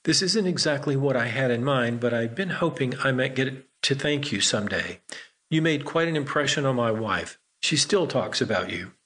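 A man voicing a calm, friendly grown man who speaks in an easygoing, reassuring way. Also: mid-range voice, moderate pace, lightly acted. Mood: kind, reassuring.

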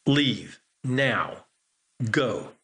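Male narrator doing a friendly calm guy, easy and reassuring. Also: mid-range voice, drawn-out words, heavily acted. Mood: firm. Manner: easygoing, reassuring. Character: calm, friendly grown man who looks out for others.

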